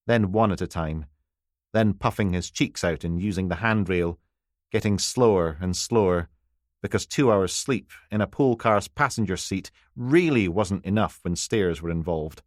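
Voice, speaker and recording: A male narrator reads a crime novel with dry, wry timing. His voice sits on the low side. The recording is close-miked and completely dry. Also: no room sound. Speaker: audiobook narrator. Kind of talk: scripted crime audiobook narration.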